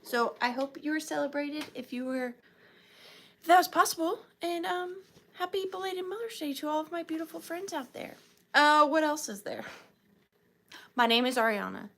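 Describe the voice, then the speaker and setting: A young woman, sleepy and speaking with a Southern US accent, sits in a chair at home hosting a chatty live vintage sale and greeting viewers. She has a high, fairly bright voice and coos at her pet rabbit in sing-song baby talk.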